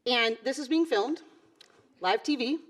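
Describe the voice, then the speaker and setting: A woman speaks to a conference audience in a high, light voice. She is middle-aged, earnest and chatty, with plenty of "you know" and "um" as she works through her points. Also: expressive, measured pace. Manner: earnest, conversational, many fillers and asides. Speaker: basketball coach giving a talk. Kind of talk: motivational conference speech. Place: conference hall.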